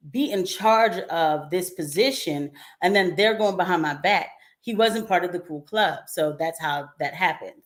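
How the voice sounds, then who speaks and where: Chatty woman hosting a livestream. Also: fairly low pitch. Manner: chatty, animated, laughs often, many asides to viewers. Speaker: livestream host. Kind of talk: casual political commentary livestream.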